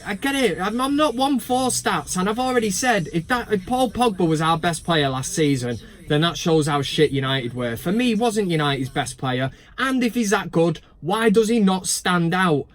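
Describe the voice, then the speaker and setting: A man hosting a fan channel, talking in a sweary, sarcastic, animated rant. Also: high voice. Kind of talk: ranting casual vlog.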